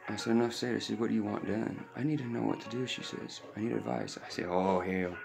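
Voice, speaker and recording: A man's voice: lowish voice, steady tone, fast talker, vocal fry, music in the background. A man casually chatting on a live stream, rambling and telling a story in a loose, offhand way. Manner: rambling, baby-talks to his puppies. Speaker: vlogger.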